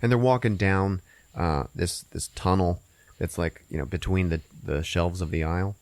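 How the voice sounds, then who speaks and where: A man's voice: low voice, moderate pace, a little mellow, no echo. A man hosting a podcast, rambling and swearing as he recaps a movie. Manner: rambling, laughing, profane. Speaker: podcast host.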